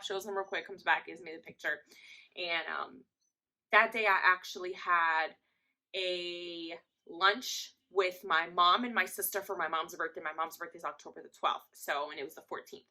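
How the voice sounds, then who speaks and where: A young woman vlogger in casual storytime, telling an anecdote in a lively, chatty way. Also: fairly low pitch, moderate pace. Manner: chatty, animated storytelling that acts out quotes.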